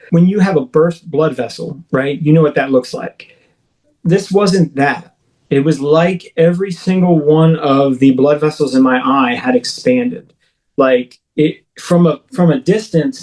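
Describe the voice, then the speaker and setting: A man, a podcast guest, recounting his own experience in a rambling, filler-heavy way and acting out his own shouts as he retells it. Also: medium pitch, poor audio. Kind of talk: first-person storytelling in a podcast interview.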